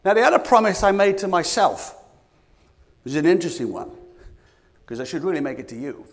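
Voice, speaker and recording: A British man giving a leadership coaching talk to a live audience, animated, firing questions at the room and acting out what people say. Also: high-pitched, a little fast. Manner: animated, asks the audience questions, acts out quotes. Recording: long hall reverb.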